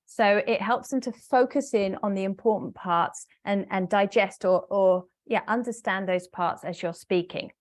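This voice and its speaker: A woman business English trainer giving an online webinar, explaining step by step with frequent fillers and pauses. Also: medium pitch. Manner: hesitant fillers, explanatory, talks to a live audience.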